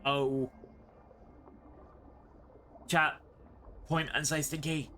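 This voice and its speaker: A man's voice: fairly high pitch, little pitch movement, very slow, pushed and bright, soft background music. A British man streaming a game live, chatting playfully and rambling to his chat.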